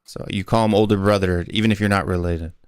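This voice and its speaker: A man's voice: low voice, fairly even intonation, fast, clear, resonant tone, no room sound, studio quality. An American man chatting casually as a guest, explaining at length with fillers and restarts. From United States. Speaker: guest football YouTuber. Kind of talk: casual interview chat.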